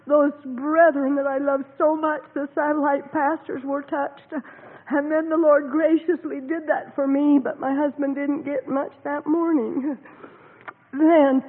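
Woman, very high voice, church testimony, tearful and laughing, voice recovering after being lost, tinny lo-fi sound, long reverb. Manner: emotional, voice breaking into tears and laughter. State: recovering from voice loss.

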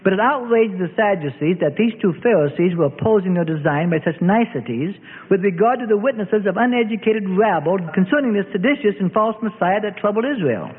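Brief: male storybook narrator, lively and fairly high, phone-like sound with long reverb. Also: brisk, husky. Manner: expressive reading. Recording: tinny, reverberant phone-like audio.

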